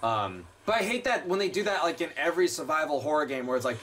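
A man's voice: on the high side, very animated, fast talker, few pauses, fairly bright tone, slight background noise. A man playing a horror game and commenting as he plays, swearing and ranting at the enemies. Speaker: gameplay streamer. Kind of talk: let's play commentary.

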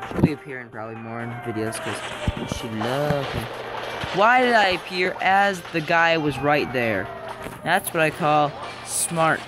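A young man casually commenting on his own game, joking and shouting at teammates. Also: a little high, measured pace. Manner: excitable, jokey, shouts at teammates. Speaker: gameplay commentator. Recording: game music behind.

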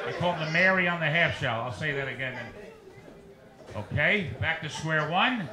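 A man performing a stand-up comedy set on a dive bar stage, doing quick crowd work and asides to the audience. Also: on the high side. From New Jersey. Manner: animated crowd work, rapid asides to hecklers. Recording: echoey bar with loud rowdy crowd.

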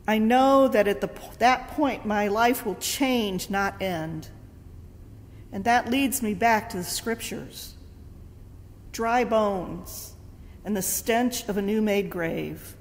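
A woman priest giving a sermon with wry, self-mocking humor, recorded in a church. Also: medium pitch. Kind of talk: sermon with a comic story reading. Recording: long church reverb.

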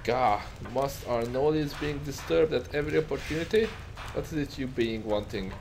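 A man's voice: sits high, wildly swooping pitch, normal speed, background noise, pitched above the performer's own voice. Man playing a grumpy shop scholar, raised voice, wobbly accent. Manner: raised, gruff, broken grammar, wavering accent.

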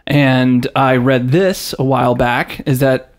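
A Southern American man hosts a casual podcast chat, telling stories packed with asides and swearing. He's an animated storyteller who jumps into mock voices, speaking slowly in a mid-range voice.

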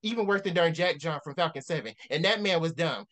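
A man's voice: a little high, lively intonation, brisk, fairly bright tone. Fired-up man ranting about a book. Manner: heated, ranting, repeats for emphasis. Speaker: book discussion co-host. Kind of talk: animated casual book rant.

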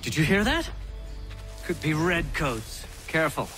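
A man's voice: a little high, big pitch swings, measured pace, over music. An actor playing an urgent, cautious colonial man who keeps giving directions in a video game.

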